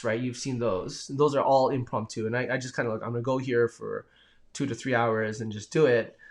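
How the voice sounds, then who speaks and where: A man hosting a live stream in a casual, rambling chat, reading out viewer comments and answering them with enthusiasm. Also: mid-range voice.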